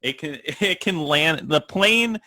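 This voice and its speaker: A man co-hosting a film podcast in casual chat, laughing often and talking in an animated way. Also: fairly high pitch, slow, no room sound, clean studio sound. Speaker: podcast co-host.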